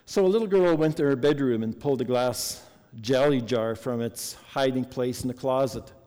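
A man's voice: mid-range voice, normal speed, mellow. A man preaching a sermon earnestly and reading a story to his congregation. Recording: long hall reverb.

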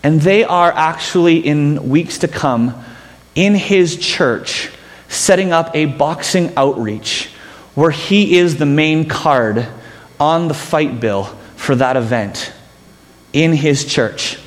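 A man's voice: fairly high pitch, takes it slowly, big-room sound. A man preaching a sermon as pastor, telling stories with self-mocking humor.

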